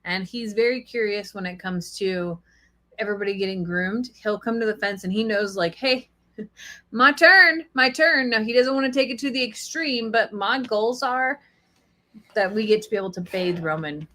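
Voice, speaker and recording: A woman's voice: medium pitch, moderate pace. A woman chatting casually on a livestream in an easygoing, earnest way. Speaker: co-host.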